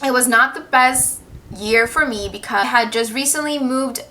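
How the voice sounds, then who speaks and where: A young woman in her twenties tells a story to the camera in a lively, rambling way, filling it with "like." Her voice is fairly high and bright, with a crisp edge. She sounds casual and talkative. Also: normal speed. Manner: animated, many "like" fillers. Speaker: vlogger.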